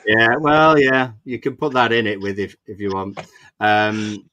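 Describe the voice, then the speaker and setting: A man's voice: on the low side, level tone, measured pace, pushed and bright. A man hosting a casual fan podcast, chatting and rambling with plenty of fillers. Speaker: podcast host. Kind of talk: casual chat. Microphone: clip-on microphone.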